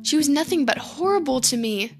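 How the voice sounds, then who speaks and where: A brave young princess speaks with strong emotion, voiced by a woman. Her voice sits high and pleads. Faint music plays under her. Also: fairly even intonation, moderate pace, natural voice. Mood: furious.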